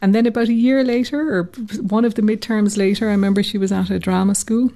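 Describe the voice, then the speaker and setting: Gravelly, mellow woman storyteller. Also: medium pitch, fast talker. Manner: lively storyteller acting out quoted voices. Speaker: guest telling a personal story. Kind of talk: conversational storytelling.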